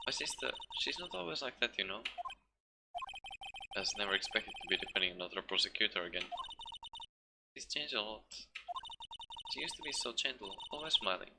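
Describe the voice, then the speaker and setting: A man voicing an earnest young woman who pleads in a raised, soft voice, with game music behind. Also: on the low side, expressive, a little fast, creaky, pauses often, very noisy. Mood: wistful.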